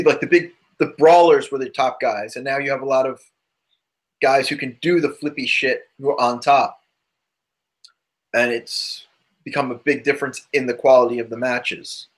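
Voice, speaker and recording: A man's voice: mid-range voice, fairly even intonation, normal speed, pauses often, fairly bright tone. A man co-hosting a podcast in casual chat, rambling and loose, full of asides. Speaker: podcast co-host.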